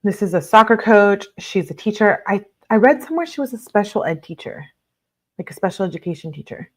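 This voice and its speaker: This livestream host, a woman with an expressive, medium-pitched voice, speaks a bit fast as she reads court documents aloud. She interrupts herself often to react with blunt outrage and plenty of fillers in a casual setting.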